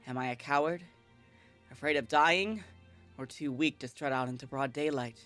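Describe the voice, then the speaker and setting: A woman reading as a brooding vampire. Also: a bit bright. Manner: slow, somber, low reading. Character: guilt-ridden centuries-old male vampire narrator, brooding. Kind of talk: reading a visual novel aloud.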